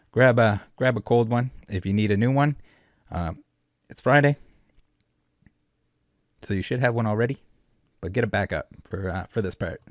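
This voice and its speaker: A man's voice: lowish voice, dry recording, studio quality. A man hosting a collectibles commentary vlog, rambling and sarcastic with many filler words. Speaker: collectibles channel host.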